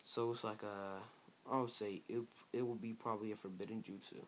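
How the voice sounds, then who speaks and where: A man casually improvising a fan story, halting often with fillers and restarts. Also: lowish voice, level tone, a little hiss or hum.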